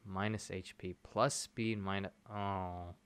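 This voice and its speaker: A man casually commentating a mobile game stream, excitable and rambling as he thinks aloud. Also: low-pitched, slow pace, clean tone.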